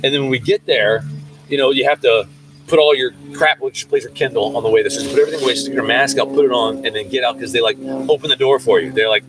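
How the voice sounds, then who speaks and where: A man's voice: medium pitch, quick pace, far from the mic, background noise. A man with a Cajun accent, chatting casually as a co-host and acting out voices in his stories. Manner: animated storyteller, acts out voices. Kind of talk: casual chat.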